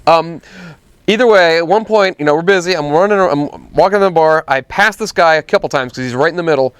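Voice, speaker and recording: A man's voice: on the high side, brisk, clean tone, no room sound. A man telling a work story in casual chat, acting out the people in it. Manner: animated storyteller acting out quotes. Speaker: podcast co-host.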